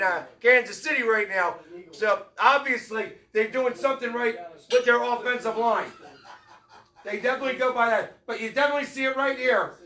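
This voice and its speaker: Loud, bright-voiced sports fan host. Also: male voice, extremely high pitch. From Philadelphia area. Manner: fired-up, shouting, rambling. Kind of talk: fan commentary rant. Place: tavern.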